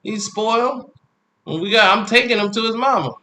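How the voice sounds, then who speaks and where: A man's voice: high voice, fast talker. A man animatedly telling a comic personal story, acting out the scene as he goes. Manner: animated, acts out the scene, laughs while telling.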